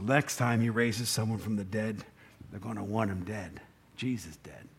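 A man's voice: on the low side, moderate pace, husky. A middle-aged male pastor giving a conversational sermon with rambling asides, often asking the congregation questions.

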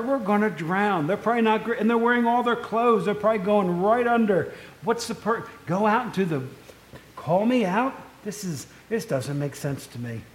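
A man preaching a conversational, storytelling sermon, full of asides to the congregation. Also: sits high. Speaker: pastor. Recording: echoey room.

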